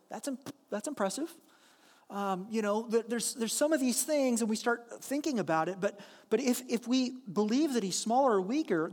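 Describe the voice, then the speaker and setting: A man with a notably high voice preaches from the pulpit, moving between lively storytelling and slow, weighty declarations. His words carry a long reverb, as though filling a large sanctuary. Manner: earnest, animated storytelling with slow emphatic lines. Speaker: pastor. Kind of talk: sermon.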